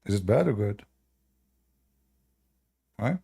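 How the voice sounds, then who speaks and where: A man casually telling anecdotes as host, chuckling often and phrasing things loosely like a non-native speaker. His voice is gravelly and husky, with a dark, mellow tone. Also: lowish voice, lively intonation, slow.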